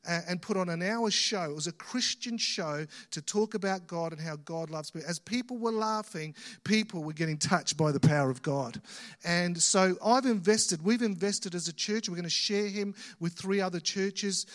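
A man's voice: sits high, a bit bright. Aussie pastor guy doing church notices, eager, lots of uhs, big hall echo. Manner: enthusiastic, many fillers and restarts. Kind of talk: church announcements from the pulpit. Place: church auditorium. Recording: long reverb in a church hall.

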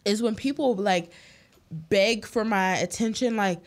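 A woman's voice: medium pitch, a little slow. A woman in casual chat who works retail, rambling with lots of "like" fillers and frequent swearing. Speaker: retail store worker.

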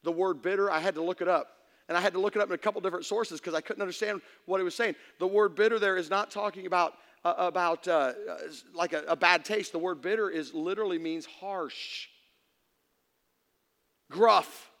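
A man preaching a sermon as pastor, animated, acting out voices and shouting for emphasis. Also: high voice, a little fast. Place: church sanctuary. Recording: echoey hall reverb.

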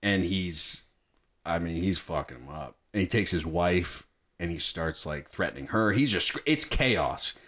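A man's voice: sits low, lively intonation, measured pace, a bit bright. A man in a casual chat about a film, talking with animation, swearing freely and acting out quotes as he retells scenes.

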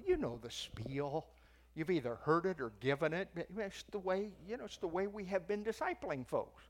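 An older man gives a sermon in the easy tone of a teacher telling a story. His voice sits a little high for a man. He leans into the quoted lines. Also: big pitch swings, normal speed. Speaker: preacher and teacher.

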